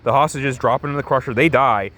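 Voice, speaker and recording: Guy rambling about a comic he loves, mid-pitched voice, lots of "like" and restarts. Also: fast, pushed and bright. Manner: rambling and enthusiastic, full of "like" and restarts. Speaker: comic book reviewer. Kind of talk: casual review vlog.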